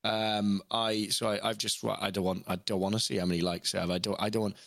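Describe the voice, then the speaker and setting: A man's voice: fairly low pitch, little pitch movement, fairly quick, vocal fry, fairly bright tone, no echo, studio quality. A man guesting on a podcast, talking candidly in a rambling, self-questioning way with frequent restarts.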